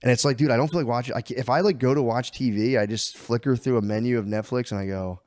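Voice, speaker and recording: A man in his thirties co-hosting a podcast, chatting casually and telling animated stories, acting out his kids in high squeals. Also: quick pace, dry recording, clean studio sound. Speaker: podcast co-host. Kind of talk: casual chat.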